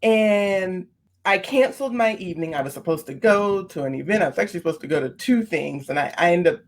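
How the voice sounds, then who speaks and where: A woman with a slightly low speaking voice tells a heartfelt personal story as a podcast guest. She is expressive and earnest, repeating phrases for emphasis, and her pitch jumps up high when she gets animated. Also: brisk, a little hiss or hum.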